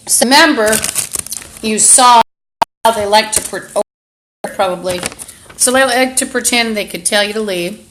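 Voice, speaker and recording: A woman host rambling in a live-stream monologue into a phone camera, halting with many fillers and breaking into angry, insulting outbursts. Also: fairly high pitch, fairly bright tone, slight background noise, rough recording.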